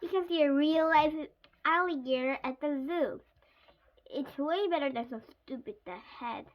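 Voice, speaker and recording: A woman's voice: high-pitched, measured pace, lo-fi sound, voice pushed up. A woman reading aloud, voicing a jealous little boy who mutters sulkily. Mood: scornful. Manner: muttering, sulky.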